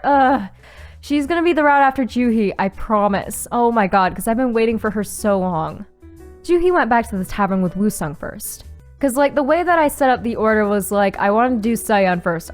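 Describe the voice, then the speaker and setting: A young woman reading a visual novel aloud and reacting with sudden excited squeals and swearing. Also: a little high. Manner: reads story text aloud, breaks into excited squeals and swearing. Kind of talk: casual playthrough narration with reactions.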